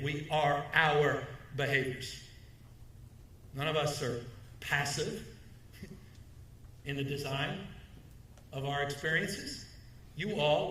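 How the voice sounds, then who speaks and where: A middle-aged man giving a formal speech at a podium, leaning on emphatic repetition and a measured rhetorical delivery. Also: fairly high pitch, a bit bright, a little hiss or hum. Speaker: governor giving an award speech. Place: large hall, speaking at a podium. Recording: echoey hall, mic at a distance.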